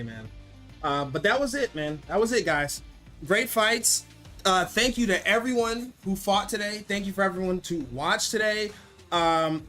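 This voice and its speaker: A man hosting an esports fight show, giving excitable post-fight commentary with brash, repetitive trash talk. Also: high voice.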